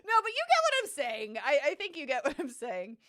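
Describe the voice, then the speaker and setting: A young woman streaming a game, chatting casually, excitable and sarcastic, swearing freely. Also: high-pitched, brisk, noisy background. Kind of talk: casual gaming commentary. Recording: game music underneath. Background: game music.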